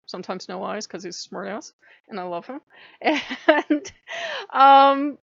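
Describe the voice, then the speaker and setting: Woman, tired, rambling, candid, self-mocking, mid pitch, muffled dry recording. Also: expressive, moderate pace, vocal fry, breathy edge, no echo. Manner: rambling, candid, self-mocking with frequent laughs and mild swearing. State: tired, late at night. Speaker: pagan spiritual vlogger. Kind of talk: casual spiritual vlog monologue.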